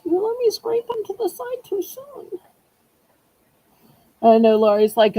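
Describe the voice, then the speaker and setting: A woman's voice: very high voice, very animated, measured pace, long pauses, mellow, rough recording. A woman with a Southern US accent running a live online auction, chatty and playful, teasing herself as she sells. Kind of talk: live-stream auction chat.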